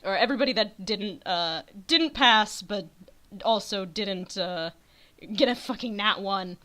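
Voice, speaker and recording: A woman's voice: mid-range voice, unhurried, sharp tone. A woman narrating as game master of a tabletop role-playing game, laughing often between rulings.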